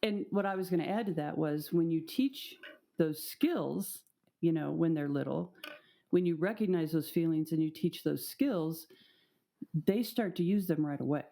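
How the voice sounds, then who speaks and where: A woman's voice: low-pitched, normal speed, vocal fry, warm tone. A woman in her fifties, a school psychologist guest, chatting casually and explaining with many affirming murmurs. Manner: affirming, explanatory, frequent "mm-hmm". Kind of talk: casual chat.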